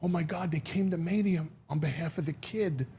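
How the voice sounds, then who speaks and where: A man talking as a guest, telling a story in a lively way, acting out quotes and often restarting his sentences. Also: fairly high pitch, husky. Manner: animated storyteller, acts out quotes, halting restarts. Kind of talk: storytelling chat.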